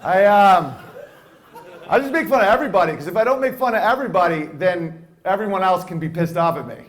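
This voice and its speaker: A man's voice: high-pitched, expressive, fairly quick. A man playing a brash male stand-up comic who rambles provocatively and laughs through his lines. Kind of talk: stand-up comedy bit.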